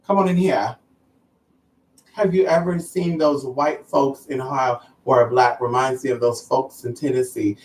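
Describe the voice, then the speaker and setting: A livestream host chatting casually with viewers, sassy, animated and profane, calling listeners honey and girl. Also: mid-range voice, normal speed. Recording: roomy and distant from the mic.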